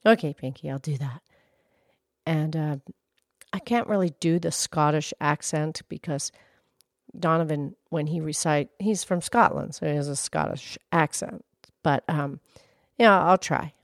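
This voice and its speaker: Calm low-key woman reading aloud. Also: a little slow, no room sound, clean studio sound. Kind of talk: casual chat and poem reading.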